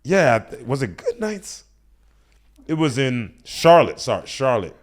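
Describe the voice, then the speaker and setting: A man's voice: mid-range voice, very animated, measured pace. Laughing storyteller man. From United States. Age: 30s. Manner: storytelling, laughing, acts out quotes. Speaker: guest comedian. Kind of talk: casual podcast chat. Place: podcast studio.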